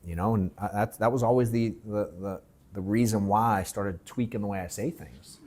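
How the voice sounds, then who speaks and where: A man leading a live sales workshop, telling animated stories that act out his own reactions, swearing freely and calling the audience bro and dude. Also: lowish voice, moderate pace. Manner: animated storytelling, mimics himself, swears, calls people bro and dude. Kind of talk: casual, joking workshop talk.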